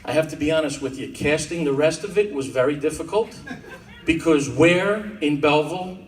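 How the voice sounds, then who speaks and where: A stand-up comic with a voice on the high side talks at a normal speed, playing the wisecracking storyteller with mock-tough Italian-American moments. Laughter and club ambience surround him in roomy, distant audio from the comedy club stage.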